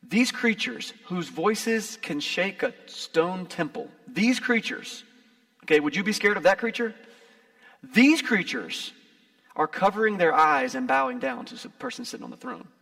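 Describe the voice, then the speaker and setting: A man preaching a casual, conversational sermon, swinging between loud emphasis and soft asides. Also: high-pitched, animated, measured pace, creaky. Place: gym used as a church.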